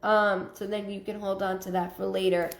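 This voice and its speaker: A woman giving a live psychic reading, relaying messages in a halting way with many fillers. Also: medium pitch, little pitch movement, vocal fry, reverberant. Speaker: psychic medium.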